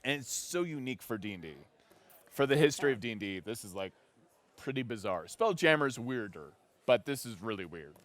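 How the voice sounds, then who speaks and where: A man being interviewed at a live convention, talking in a rambling, excitable way and laughing often. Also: medium pitch, fairly quick. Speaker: guest, creative manager.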